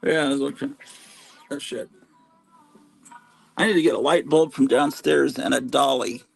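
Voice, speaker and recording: Gravelly-voiced man chatting on a livestream. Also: mid-range voice, steady tone, measured pace, faint music behind, poor audio. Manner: rambling, chatty, self-deprecating. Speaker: live stream host. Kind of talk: casual live-stream chat. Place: home room stacked with comics.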